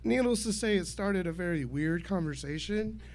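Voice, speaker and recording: A man's voice: high-pitched, animated, normal speed. A man in his thirties performing a self-deprecating stand-up set at a small open mic, laughing at his own jokes. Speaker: stand-up comedian. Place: small comedy venue.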